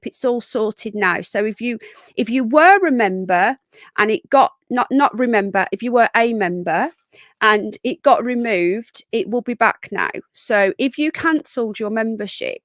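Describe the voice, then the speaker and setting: A woman's voice: on the high side, no echo, clean studio sound. A woman hosting a live stream, chatting and rambling as she greets viewers and often breaks off mid-sentence. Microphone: close desk microphone.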